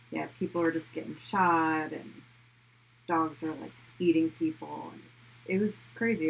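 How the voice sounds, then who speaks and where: A woman with a very low voice chats loosely, with frequent "like" fillers. She co-hosts a livestream and greets viewers. A faint hum sits behind her. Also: gravelly, poor audio. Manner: chatty, fills with "like" often. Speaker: livestream co-host. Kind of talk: casual chat.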